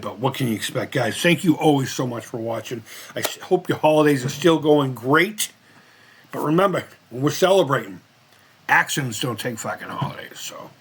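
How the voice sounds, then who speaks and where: Male vlog host, husky tone, animated pitch; loose, rambling reaction chat with frequent swearing. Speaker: host of a retro gaming and movie channel. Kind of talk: casual reaction commentary.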